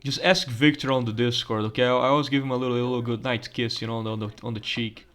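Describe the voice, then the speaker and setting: A man's voice: mid-range voice, steady tone, quick pace, fairly bright tone. A young man giving casual gameplay commentary, rambling with crude jokes and frequent stammered restarts. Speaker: gaming channel host.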